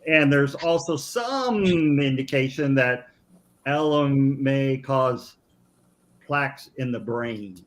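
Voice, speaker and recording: A man's voice: mid-range voice, lively intonation, slow. A man from California in a casual group chat, explaining things in a matter-of-fact way.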